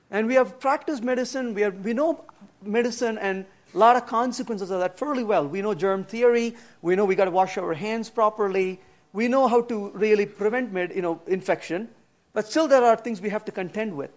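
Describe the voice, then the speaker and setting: A middle-aged man lecturing at a developer conference, blunt and animated, answering audience questions with humor. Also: high voice. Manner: acts out quoted dialogue in changed voices. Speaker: conference speaker. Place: conference room.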